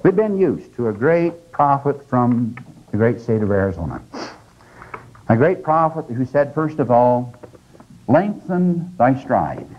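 An earnest male lecturer exhorts his listeners, his voice jumping up in pitch when he presses a point. He drops to a slow, deliberate pace to read quotations aloud. The 1980s cassette recording is dull and lo-fi, with the top end rolled off. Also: expressive, a little hiss or hum. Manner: earnest, exhorting, with sudden rises in pitch and stress; slows down for quoted scripture and sayings. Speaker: religious lecturer. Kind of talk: recorded lecture to a live audience. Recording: dull lo-fi 1989 lecture tape.

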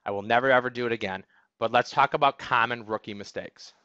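In an office, a trading instructor gives an online trading webinar lecture in a medium-pitched, fast, pushed, and bright voice. He talks energetically and emphatically, asking "okay?" after nearly every point, and the recording is dry and lo-fi.

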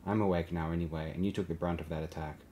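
A man reading an audiobook, voicing a calm young Jedi who speaks quietly and softly. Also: low-pitched, fast talker, a little hiss or hum, natural voice. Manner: quiet, soft-spoken.

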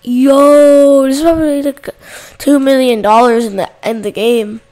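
Speaking at normal speed in a voice on the high side, a gaming channel host offers relaxed let's-play commentary. She talks to her viewers and shouts at characters in the game.

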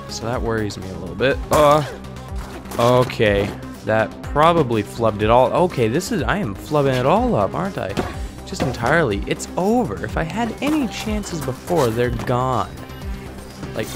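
A man's voice: medium pitch, big pitch swings, normal speed, music in the background. A young man giving chatty, self-mocking commentary over a game he is playing. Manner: chatty, self-mocking, flares up in mock frustration. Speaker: gaming YouTuber. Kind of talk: let's play commentary.

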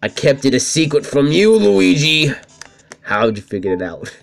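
A man's voice: on the high side, sing-song, normal speed, vocal fry, faint music behind. A man doing a cocky crude Italian plumber. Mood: defensive.

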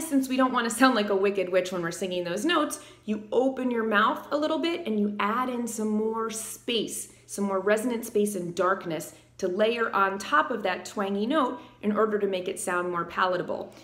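A woman vocal coach teaches singing technique in a bright, forceful voice and breaks into short sung demonstrations. Her speaking voice sits low for an alto. The sound is roomy and echoey. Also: normal speed, hardly any pauses. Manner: explains technique and sings short demo phrases. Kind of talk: singing tutorial.

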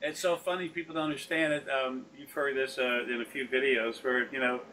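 A man's voice: medium pitch, steady tone, fairly quick, pushed and bright, far from the mic, rough recording. A man talking as a spiritual consultant in a casual, rambling, folksy way, often acting out voices in his stories.

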